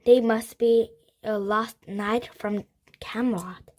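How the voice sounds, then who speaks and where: A woman's voice: fairly high pitch, fairly even intonation, slow pace, a little mellow. A woman reading aloud who voices an anxious young boy in her own plain voice, in a hesitant way. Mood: worried.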